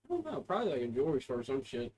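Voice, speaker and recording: A man co-hosting a comedy podcast, reacting quickly and laughing often. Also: medium pitch, wildly swooping pitch, a little mellow, slightly rough. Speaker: podcast co-host. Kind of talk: casual comedic chat.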